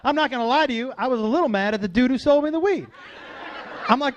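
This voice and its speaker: A man with a strikingly high voice performs stand-up comedy and swings his pitch all over as he acts out the characters. He is middle-aged, tells his story in a lively, profane way, and slips in and out of the voices he imitates. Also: fast, slight background noise.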